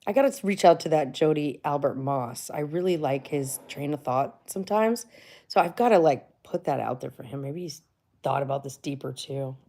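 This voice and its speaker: A woman's voice: sits low, expressive, moderate pace, warm tone. A middle-aged woman vlogger from Florida, chatting casually and rambling through a story, full of likes and asides. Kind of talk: casual chat.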